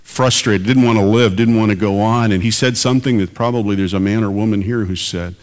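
Deep-voiced earnest male preacher. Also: a little fast. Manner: earnest, builds to emphatic peaks. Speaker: pastor and radio preacher. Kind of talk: sermon.

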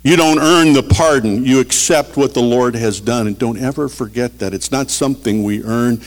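A man preaching a short radio devotional, earnest, swinging between emphatic lines and hushed ones. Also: medium pitch, moderate pace.

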